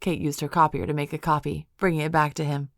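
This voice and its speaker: A woman narrating an audiobook in a calm, even storytelling manner, recorded on a studio microphone. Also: low-pitched, fast, creaky, no echo. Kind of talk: scripted narration.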